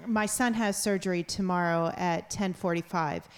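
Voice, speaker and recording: A woman's voice: lowish voice, moderate pace, smooth. A woman from the congregation who speaks up hesitantly to share a question. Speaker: congregation member. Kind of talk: speaking up in church.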